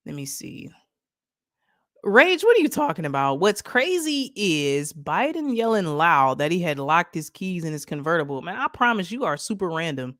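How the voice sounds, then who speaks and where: Her voice on the low side and a bit bright, with big pitch swings at a moderate pace, a Michigan woman talks straight to her late-night livestream audience. She laughs often, chats casually and reads out stories and messages from chat, in clean studio sound with no room sound.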